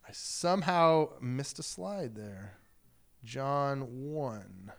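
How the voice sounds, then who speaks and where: A man preaching a sermon, reading scripture and explaining it in an animated, conversational way, acting out the voices of the people in the story. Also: mid-range voice, extremely slow, gravelly. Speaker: pastor.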